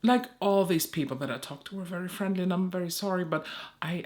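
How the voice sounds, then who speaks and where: A woman's voice: fairly low pitch, quick pace, a little mellow. A young woman, a beauty content creator, telling an exasperated story in a casual vlog, swearing often and acting out both sides of phone calls.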